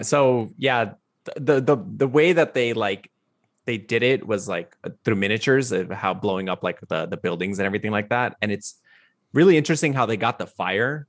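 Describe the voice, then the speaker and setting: A man with a lowish voice talks about movie effects in a loose, halting way. He stumbles and restarts often while chatting among friends. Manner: halting, many restarts and fillers. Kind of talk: casual movie discussion.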